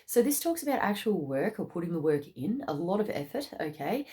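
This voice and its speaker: A woman with a lowish voice talks her way through a casual tarot reading, keeping it loose and conversational. She checks in with "okay?" and "mate" at the end of lines. She sometimes rises into excited bursts. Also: brisk. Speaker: tarot card reader.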